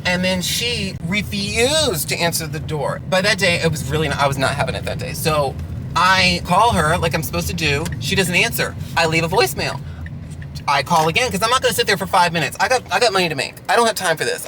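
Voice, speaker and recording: A man's voice: high voice, expressive, a little fast, background noise. A delivery driver venting through a ranting storytime vlog from his car, sarcastic and exasperated.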